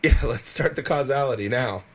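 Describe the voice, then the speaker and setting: A man's voice: mid-range voice, moderate pace, a bit bright. A man co-hosting a podcast, bantering casually with jokes and frequent self-interruptions. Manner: jokey, rambling, self-interrupting. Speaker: podcast co-host.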